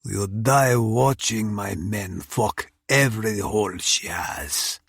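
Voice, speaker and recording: A man's voice: on the low side, takes it slowly, gravelly, fairly bright tone, dry recording, studio quality, heavily acted. A man voicing a menacing crime boss. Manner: cold, taunting and cruel. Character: menacing middle-aged male Russian crime boss. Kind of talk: audiobook character voice.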